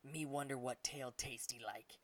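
A man's voice: mid-range voice, steady tone, a little slow, recorded from a distance, close to an everyday voice. A man playing a crude bullying ape. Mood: mocking. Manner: broken grunting speech.

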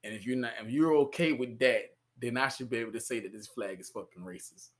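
A man from Georgia, co-hosting a casual comedy podcast, animated and profane, laughing often. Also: mid-range voice, brisk. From Georgia, US South. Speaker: podcast co-host.

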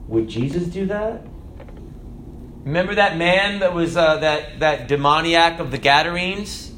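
A man preaches with plenty of animation, his voice sitting a little high for a man. His pitch and volume rise and fall as he acts out little voices. The sound carries a roomy echo. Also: fairly bright tone, slight background noise. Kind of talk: sermon.

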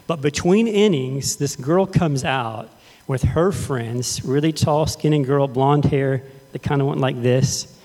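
Texan-raised pastor in a reverberant hall. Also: male voice, mid-range voice, a little slow, a little mellow. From Texas. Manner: casual, conversational, addresses the congregation directly. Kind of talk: sermon with storytelling. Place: church sanctuary.

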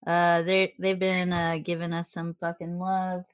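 A woman co-hosting a podcast who does the shout-outs in a loose, profane casual chat. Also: lowish voice, completely flat delivery, clear, resonant tone. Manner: loose, profane, drawn-out delivery. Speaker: podcast co-host.

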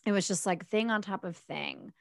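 A woman spins a personal story in casual conversation, animated and full of laughing asides. Her voice sits at a middle pitch. The recording is dry and close. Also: moderate pace, gravelly, no room sound. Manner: chatty and animated, with laughs and self-talk asides. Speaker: podcast co-host.

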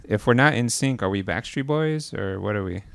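A man's voice: fairly low pitch, expressive, moderate pace, gravelly, a bit bright, dry recording. A man co-hosting a podcast in casual chat, laid-back and joking, often mumbling. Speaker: podcast co-host.

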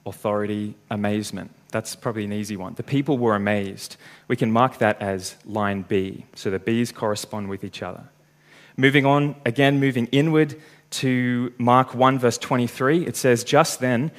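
A man preaching a sermon, working through a passage step by step and reading the scripture aloud. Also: on the low side.

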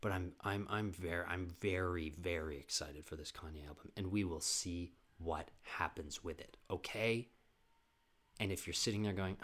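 Animated man ranting on a podcast. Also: low voice, a little slow. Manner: animated, loud outbursts, swearing. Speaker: podcast host. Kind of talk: comedic rant.

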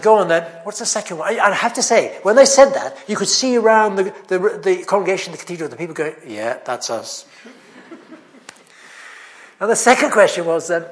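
A man preaching a sermon, telling stories in a chatty, anecdotal way with self-deprecating humour. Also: high voice. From England.

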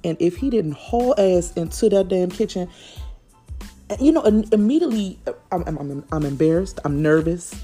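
A woman's voice: on the low side, moderate pace, breathy edge, soft background music. A woman, telling funny parenting stories in a casual monologue, calling her listeners "y'all" and acting out what she and her kids said. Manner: animated, addresses listeners as y'all, repeats words, acts out quotes.

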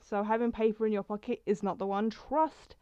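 This young woman, a poetry vlogger, has a warm, clean, medium-pitched voice with fairly even intonation and a fairly quick pace. She chats casually about her poems and reads them, rambling and interrupting herself. The recording is lo-fi and slightly dull.

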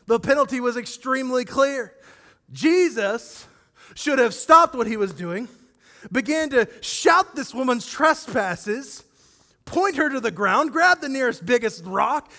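A male pastor preaching a sermon, animated and acting out scripture scenes as he speaks directly to his congregation. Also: very high-pitched, measured pace, in a large hall.

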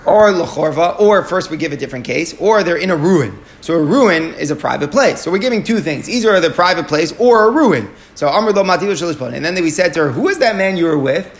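A man's voice: on the high side, lively intonation, brisk, hardly any pauses. A man teaching a Talmud lesson, explaining step by step and asking and answering his own questions, with Aramaic and Hebrew terms mixed in.

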